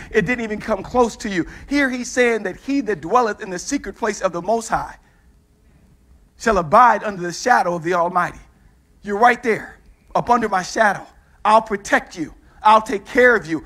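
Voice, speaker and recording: A man with a Midwestern US accent preaching a sermon with fervor, urging the reader on and rising to shouts. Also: sits high.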